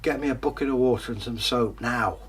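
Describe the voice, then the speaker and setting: A man voicing a bossy, impatient male royal knight with a loud, brusque, high voice. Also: fairly quick, distant mic, a little hiss or hum, lightly acted.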